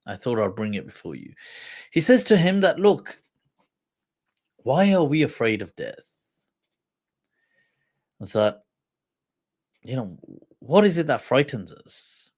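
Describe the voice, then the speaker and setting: Lively male host retelling a story. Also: mid-range voice, husky. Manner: animated retelling with quoted dialogue and laughs; quotes Arabic rapidly, then translates. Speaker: livestream host and mufti. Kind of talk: storytelling lesson on a livestream.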